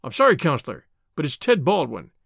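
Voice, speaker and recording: A man's voice: fairly high pitch, very animated, brisk, creaky, a bit bright, no echo, clean studio sound, full character voice. A man voicing a timid, apologetic bartender in an audiobook. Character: timid abashed male bartender.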